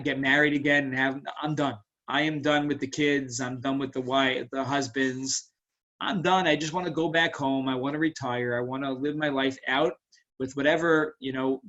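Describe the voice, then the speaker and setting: A man's voice: medium pitch, a bit bright, highs cut off, lightly acted. A man voicing a weary old widowed woman who talks in a blunt, exasperated, conversational way.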